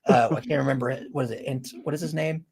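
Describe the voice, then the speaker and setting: A man's voice: mid-range voice, fairly even intonation, quick pace, vocal fry, a crowd in the background. A man co-hosting a casual sports podcast, making blunt win and loss calls and laughing often. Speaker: podcast co-host.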